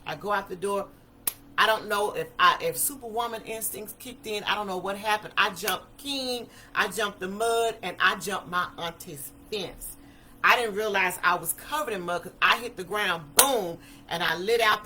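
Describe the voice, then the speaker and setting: A woman tells her story in a bright, forceful voice. She talks in an animated way, acting out each quote as she speaks. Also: lowish voice. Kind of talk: personal testimony talk.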